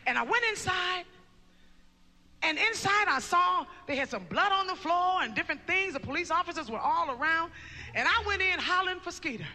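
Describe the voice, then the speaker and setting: High, bright-voiced woman preaching a testimony. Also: lively intonation, normal speed, in a large hall. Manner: emphatic storytelling, bursting into shouted praise. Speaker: mother giving testimony. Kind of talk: testimony sermon.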